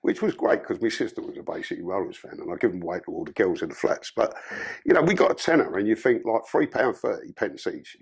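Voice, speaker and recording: A man's voice: low-pitched, expressive, fast, gravelly, few pauses, slightly rough. A man from London with a London accent, a podcast guest telling his life story in blunt, profane, casual talk.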